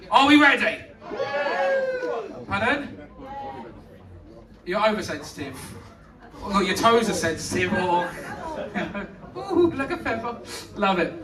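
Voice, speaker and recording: Heard from a distance in an echoey comedy club, a British man with a high-sitting voice compères a live stand-up night. He tells crude jokes and banters brashly with the crowd as audience laughter rings out.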